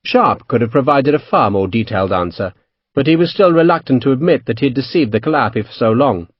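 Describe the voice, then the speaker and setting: A man narrating an audiobook, his husky voice rising and falling with lively pitch. The recording is dry and somewhat dull. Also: fairly quick, no echo. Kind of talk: scripted narration.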